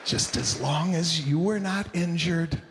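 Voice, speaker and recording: A man doing stand-up comedy, telling stories in an animated, exasperated way. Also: fairly high pitch, unhurried, creaky, big-room sound, slight background noise.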